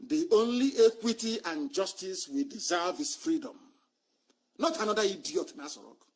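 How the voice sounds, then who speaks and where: A man delivers a passionate live broadcast address, his voice pitched high and noticeably husky. He is scornful and fiery, jumping from loud outbursts to low, muttered asides. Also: animated, normal speed. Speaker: political movement leader.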